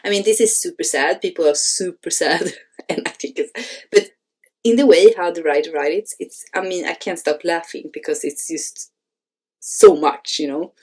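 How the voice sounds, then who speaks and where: A woman's voice: fairly low pitch, normal speed, a little mellow, slightly rough. A woman hosting a screenwriting channel, reading and analyzing a screenplay in a hesitant way, with many fillers and restarts.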